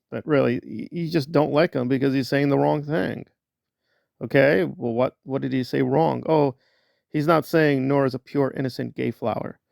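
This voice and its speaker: A man's voice: fairly high pitch, creaky, no room sound, studio quality. A man doing sarcastic, mocking online commentary as a vlogger.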